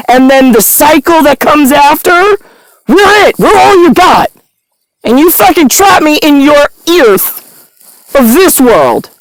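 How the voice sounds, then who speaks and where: A woman's voice: fairly high pitch, no echo, rough recording. A woman delivering a rambling, angry, profane monologue to the camera.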